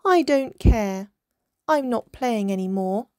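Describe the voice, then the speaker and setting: A woman voicing a small, proud, feisty girl dolphin who talks in a bright, cheeky, excited way. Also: mid-range voice, slow, no echo, studio quality. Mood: cross.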